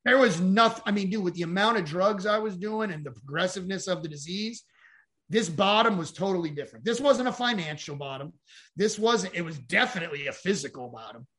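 A man's voice: high voice, expressive, a little fast, bright, forceful tone. A man as a podcast guest, telling a candid personal story in a rambling, frank way, swearing now and then and acting out what others said. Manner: rambling, frank, swears, acts out quoted dialogue.

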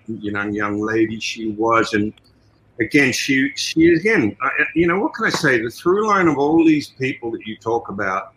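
An Australian man being interviewed as a guest, telling stories in an animated, casual way with many "you know" asides. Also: medium pitch, rough recording. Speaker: guest, martial arts trainer and fight coordinator.

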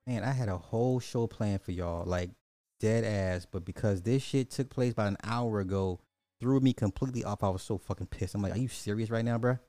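A man hosting a casual livestream, reading chat questions in an animated, slangy way with lots of repetition and swearing. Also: on the low side, brisk, no room sound, clean studio sound.

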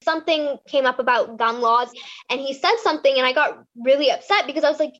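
A woman's voice: high-pitched, fast, fairly bright tone. A nineteen-year-old woman from California earnestly tells a personal story as a young climate volunteer. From California, USA. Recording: muffled recording with music underneath.

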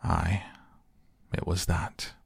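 A man reading as a dry, gruff old gardener. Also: low voice, flat delivery, very slow, no echo, in a whisper, full character voice. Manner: dry and blunt.

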